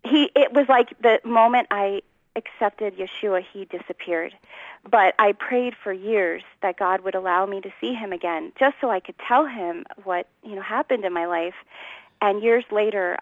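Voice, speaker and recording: A woman's voice: mid-range voice, normal speed, no room sound. Woman telling her faith story, earnest, dry lo-fi sound. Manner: earnest storytelling, acts out quotes, laughs often. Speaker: guest telling her testimony. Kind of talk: personal testimony in a conversation.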